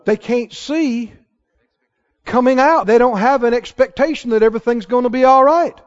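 A man preaching a sermon to a congregation, calling out questions and rising to shouts. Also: very high-pitched, moderate pace. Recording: dull hall recording with long reverb.

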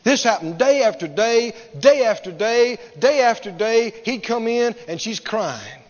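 A man preaching a sermon emphatically, repeating phrases and swinging from loud to hushed. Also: very high-pitched, lively intonation, a little slow. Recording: dull sound, long hall reverb.

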